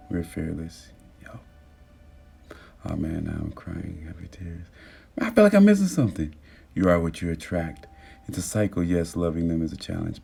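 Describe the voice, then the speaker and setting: A man hosting a casual live stream from home on his phone, reading comments aloud and talking warmly about love and manifesting, with excited bursts and stumbling restarts. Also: deep voice, creaky, slightly rough. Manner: warm, affirming, talks about love and manifesting. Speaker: TikTok live host. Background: soft music playing.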